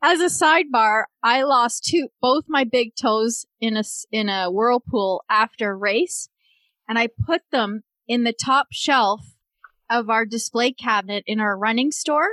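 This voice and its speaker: A woman co-hosting a running podcast, asking quick questions and laughing often. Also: on the high side, sharp tone, no echo. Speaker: podcast co-host, runner. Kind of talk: casual podcast interview.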